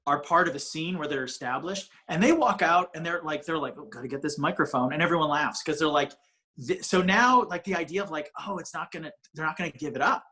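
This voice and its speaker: Bright-voiced rambling comedian man. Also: fairly high pitch, fast talker. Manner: rambling, many restarts and fillers. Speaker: comedian guest. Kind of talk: casual podcast interview. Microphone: ring light setup, home video call.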